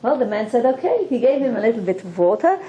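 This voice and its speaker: A woman teaching a Torah lesson, explaining slowly and earnestly with many restarts and repeated words. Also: on the high side, expressive, mellow, muffled recording. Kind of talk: religious lesson with storytelling.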